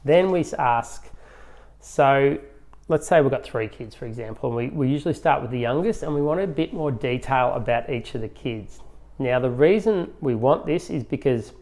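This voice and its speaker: A man's voice: mid-range voice, expressive, moderate pace, a little mellow. A man who runs a photography studio, giving a casual, conversational lesson on client consultations and acting out bits of client dialogue. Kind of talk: instructional talk.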